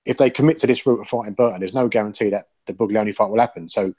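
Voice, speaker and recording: A low-voiced man talks fast in a rambling, sweary way. He hosts a relaxed panel chat and gives his opinions. The sound is dull and lo-fi, in a dry space. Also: dry recording.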